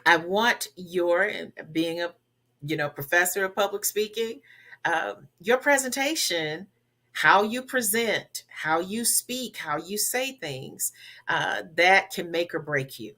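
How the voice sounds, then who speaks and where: Emphatic, bright-voiced woman coaching speakers. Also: lowish voice, animated, slow. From Southern United States. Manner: emphatic and instructive, repeats key words. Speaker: guest, public speaking coach. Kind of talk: advice in a podcast interview.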